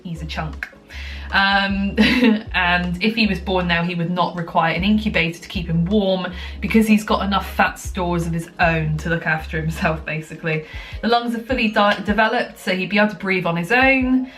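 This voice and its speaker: A woman's voice: fairly low pitch, fairly even intonation, normal speed, a bit bright. A young woman chatting casually to camera at home, a little out of breath, rambling with lots of ums and likes. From United Kingdom. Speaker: vlogger. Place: at home, indoors.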